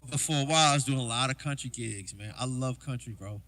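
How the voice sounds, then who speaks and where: A man's voice: medium pitch, normal speed. A man, a drummer, chatting to his livestream audience and telling loose, rambling stories about past gigs, full of "you know" asides. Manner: acts out quoted exchanges in a hushed voice. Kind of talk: casual livestream storytelling.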